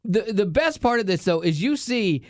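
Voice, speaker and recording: A man's voice: high voice, normal speed, no echo, studio quality. A middle-aged man hosting a radio show, telling stories in casual chat and acting out the voices of the people in them. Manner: animated storyteller, acts out voices.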